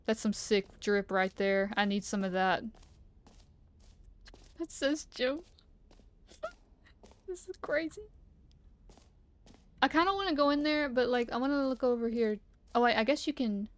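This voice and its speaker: A woman's voice: a little high, expressive, normal speed, pauses often, clean tone, dry recording. A woman livestreaming from her room, chatting playfully and giggling as she plays. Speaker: streamer. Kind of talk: live game commentary. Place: home room.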